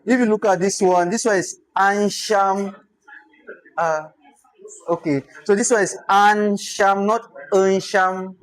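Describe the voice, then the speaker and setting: A language teacher with a Nigerian accent giving an informal lesson, repeating words slowly to show their pronunciation. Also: mid-range voice, low-quality recording.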